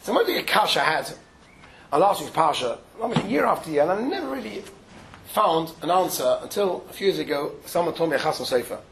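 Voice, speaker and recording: Man, high voice, informal Torah lecture, conversational, mixes Yiddish and Hebrew terms into English, faint background hiss. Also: sing-song, fairly quick, creaky. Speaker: rabbi giving a Torah talk.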